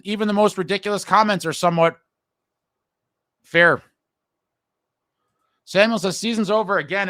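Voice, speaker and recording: A man's voice: fairly high pitch, a bit bright, no room sound. A man hosting a live fan show and reading viewer comments aloud, blunt and frustrated and swearing casually. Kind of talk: casual live-stream talk.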